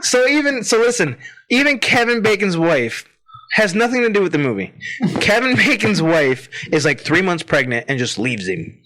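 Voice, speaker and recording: Lively, bright-voiced man chatting. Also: high voice, normal speed, a little hiss or hum. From central Pennsylvania. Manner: laughs often, retells scenes with quoted lines. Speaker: podcast co-host. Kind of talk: casual chat.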